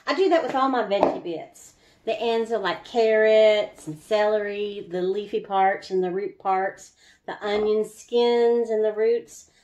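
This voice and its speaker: A woman's voice: medium pitch, a little mellow, reverberant. A woman chatting casually through a home cooking how-to in her kitchen, laughing often and drawing out some words. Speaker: home brewing vlogger.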